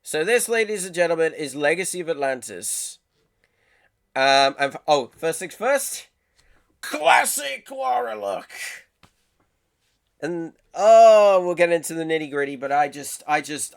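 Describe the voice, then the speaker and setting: A man's voice: fairly high pitch, normal speed, a bit bright, clean tone. A man hosting a casual reaction video, gushing about game trailers, swearing often and restarting his sentences.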